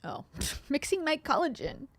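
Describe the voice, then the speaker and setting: A woman's voice: sits high, very animated, unhurried, fairly bright tone, dry recording. Sarcastic woman streamer, dry close mic. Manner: sarcastic, exasperated asides; chuckles often. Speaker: streamer reacting to a podcast. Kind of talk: casual livestream reaction commentary.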